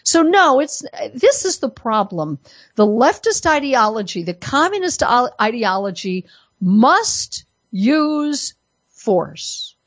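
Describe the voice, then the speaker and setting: A woman's voice: fairly high pitch, very animated, slow, no echo. A woman from Colorado giving an opinion monologue as a commentator, full of sarcastic, mock-innocent asides. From Colorado, USA. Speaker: political commentator.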